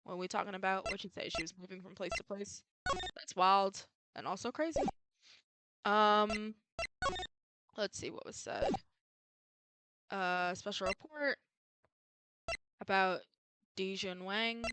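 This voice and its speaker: A young woman streaming a video game and chatting casually, slangy and quick to get exasperated, at a desk mic at home. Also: mid-range voice, background noise. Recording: loud game music behind.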